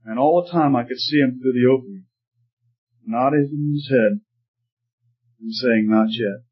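Man as a husky, earnest talking teacup, storybook parable, slightly muffled recording. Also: medium pitch, a little slow. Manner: earnest storytelling, pleading at times. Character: talking teacup, once clay, tested and changed.

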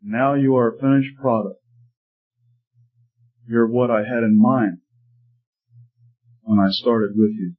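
Man as a calm, husky wise old potter, parable figure, dull recording. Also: mid-range voice, slow pace, pauses often. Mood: gentle. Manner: calm, reassuring explaining. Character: patient wise old potter, gentle master. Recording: slightly muffled recording.

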